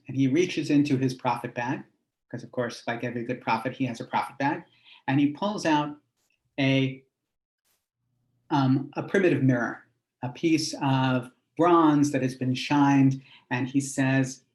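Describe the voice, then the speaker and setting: A man's voice: medium pitch, measured pace, pauses often. A man, a rabbi, telling a teaching story in a conversational way with fillers and asides. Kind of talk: storytelling lesson.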